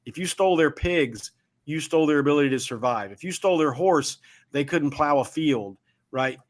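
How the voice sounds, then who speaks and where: Brief: male show host, Southern Ohio accent, a bit higher voice, chatty and folksy storyteller. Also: expressive, moderate pace. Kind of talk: casual livestream talk.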